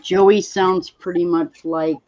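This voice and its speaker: A woman's voice: lowish voice, a little mellow, dry recording, highs cut off. A woman hosting a live stream, chatting casually and reading out viewer comments as they come in. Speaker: livestream host.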